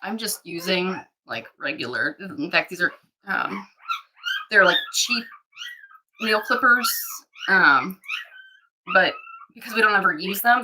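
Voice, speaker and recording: A woman who breeds dogs, chatting casually on a livestream and talking to her puppies in high baby talk. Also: sharp tone, slight background noise, rough recording. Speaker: dog breeder streaming puppies.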